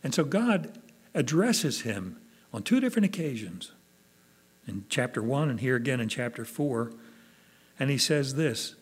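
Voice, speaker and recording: A man's voice: mid-range voice, big pitch swings, measured pace, long pauses, husky. A man preaching a sermon, earnestly acting out quoted prayers with rising emotion. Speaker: pastor.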